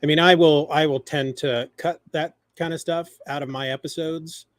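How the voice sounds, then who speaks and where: A man's voice: a little high, fairly even intonation, moderate pace, dry recording, studio quality. A man co-hosting a podcast from home, chatting loosely and jokingly with lots of restarts. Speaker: podcast co-host. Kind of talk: casual behind-the-scenes chat.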